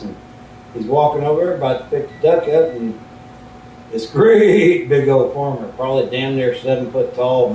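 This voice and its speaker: A middle-aged man, a vlogger, telling folksy stories in a laid-back, unhurried way while he cooks at home, away from the camera. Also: mellow. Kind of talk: casual storytelling while cooking. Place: home kitchen. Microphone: camera left far from the speaker. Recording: roomy and distant, faint rumble.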